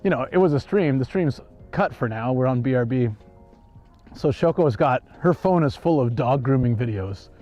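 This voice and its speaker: A man's voice: mid-range voice, expressive, moderate pace, dark tone, muffled recording, soft background music. Rambling man streaming from a park. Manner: rambling, chuckling, loose. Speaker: live streamer. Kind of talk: casual live-stream storytelling. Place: outdoors in a park.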